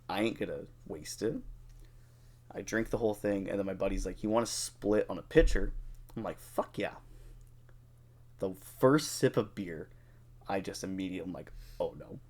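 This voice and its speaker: A young adult man co-hosting a podcast, telling a drinking story in a casual, animated way, swearing freely and acting out what people said. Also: low-pitched, brisk. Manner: animated, profane, acts out quotes. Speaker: podcast co-host.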